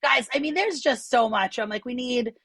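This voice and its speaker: A woman comedian doing animated, self-deprecating stand-up from home over a video call on her phone. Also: high voice, normal speed, breathy edge, no echo.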